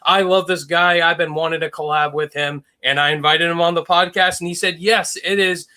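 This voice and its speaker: Male podcast host, upbeat, bright forceful tone, slightly high voice. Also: fairly even intonation, brisk, smooth. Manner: upbeat, enthusiastic. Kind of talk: casual chat.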